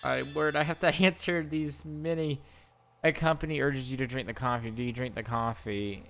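A man's voice: medium pitch, steady tone, moderate pace, creaky, a bit bright, soft background music. A young man playing a video game, reading the on-screen questions aloud and reacting with exclamations. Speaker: gaming YouTuber. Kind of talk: let's play commentary.

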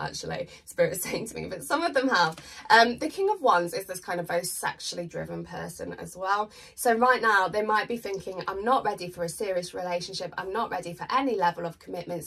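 A woman with a Stoke accent gives a chatty tarot reading, her voice husky and gravelly. She sits a little away from the mic, so she sounds distant. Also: fairly low pitch. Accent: Stoke-on-Trent English. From England. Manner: chatty, reassuring, drops into soft asides. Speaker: tarot reader.

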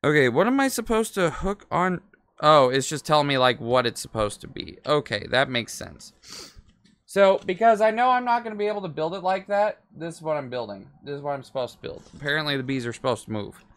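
Bright, crisp-voiced man in his twenties. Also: on the high side, big pitch swings, a little fast, no echo. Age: 20s. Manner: rambling, swears freely, talks to himself. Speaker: streamer. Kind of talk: casual chat while building a toy.

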